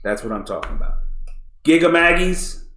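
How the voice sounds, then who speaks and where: A man co-hosting a casual sports podcast, talking in an animated, emphatic way and laughing often. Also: a little high, moderate pace, roomy sound.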